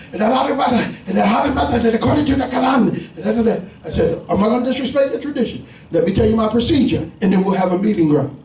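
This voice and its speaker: A man preaching a sermon as pastor, calling to his congregation and often shouting. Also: extremely high pitch, animated, fast, few pauses. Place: church sanctuary with congregation. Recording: echoey church from far off.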